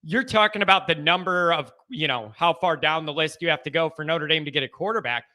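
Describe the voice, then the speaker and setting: A man's voice: fairly high pitch, brisk. A man hosting a casual call-in show, talking football with callers in an emphatic, folksy way. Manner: animated, emphatic, folksy talk. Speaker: show host. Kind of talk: call-in sports chat.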